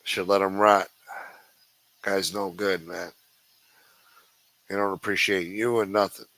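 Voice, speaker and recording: A man's voice: low voice, little pitch movement, slow, fairly bright tone, no room sound, poor audio. A man hosting a livestream, ranting with constant profanity in a sneering, contemptuous way. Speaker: livestream host.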